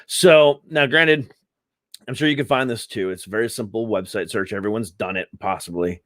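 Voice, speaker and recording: A man's voice: lowish voice, moderate pace, a bit bright, dry recording, studio quality. A man hosting a live stream, giving sarcastic, rambling commentary with laughs.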